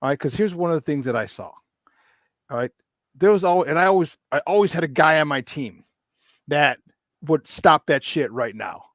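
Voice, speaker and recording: A man co-hosting a sports talk show, with a voice pitched a bit high for a man. He tells stories in a loose, filler-heavy way, swears freely, and turns loud when he acts out a moment. The sound is close and dry, with no room echo. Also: fairly quick, long pauses. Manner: animated storyteller who shouts in retold scenes, swears freely. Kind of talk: casual sports radio chat.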